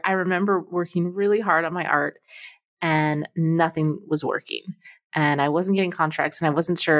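A woman co-hosting a podcast, chatting excitedly and laughing often. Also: on the low side. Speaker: podcast co-host. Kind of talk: casual podcast chat.

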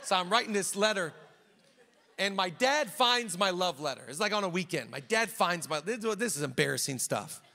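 A man with a high, bright voice delivers a lively sermon, slipping into quoted voices as he tells stories. His words ring out through a large church hall with long reverb. He preaches with quick, animated energy. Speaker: pastor.

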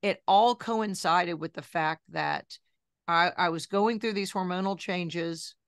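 A woman in her sixties, a journalist and health coach, telling her story in a chatty, lively interview style full of asides. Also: fairly low pitch, takes it slowly, clean tone, dry recording, clean studio sound. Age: 60s.

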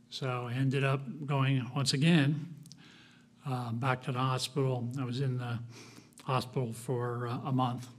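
A man giving a sermon at a church, telling his own story in a conversational, reflective way with frequent pauses and fillers. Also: medium pitch, flat delivery. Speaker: guest speaker. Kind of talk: personal testimony sermon.

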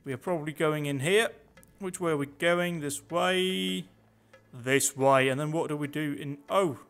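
A man's voice: on the high side, moderate pace, creaky, fairly bright tone, faint music behind. A man giving casual, sarcastic commentary while playing a video game, talking to himself. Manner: chatty, sarcastic, muttering to himself. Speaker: gameplay commentator. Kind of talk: casual let's play commentary.

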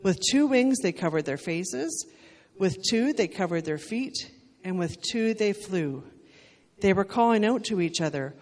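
A woman reads scripture aloud at a measured, steady pace, her voice at an everyday middle pitch. Her words carry the long reverb of a church sanctuary. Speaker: scripture reader.

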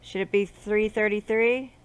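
A sick woman playing a horror game, talking to herself and swearing and yelling at the game. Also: mid-range voice, steady tone, a little slow, smooth. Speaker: let's play gamer.

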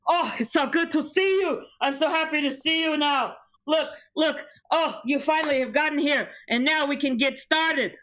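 A woman's voice: high voice, normal speed, fairly bright tone, a little hiss or hum, voice pushed up, rough recording. A woman voicing a cheery, beefy male big game hunter who gushes over his guests. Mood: gushing. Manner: gushing, overly friendly.

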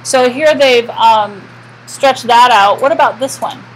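Woman teacher, classroom lecture, slightly high voice, quizzes the class and answers herself. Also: a little slow, a little hiss or hum, rough recording. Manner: asks the class questions and answers them herself. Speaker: math teacher.

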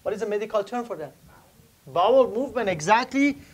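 A man's voice: high voice, animated, a little fast. A man teaching anatomy to a live class, asking students questions and repeating key terms while writing on the board. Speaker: anatomy instructor. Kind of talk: classroom lecture.

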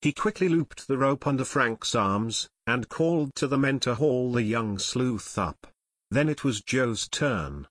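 A man narrating an audiobook in a steady storytelling manner, recorded close on a studio mic. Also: mid-range voice, a little slow, no echo. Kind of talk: scripted narration.

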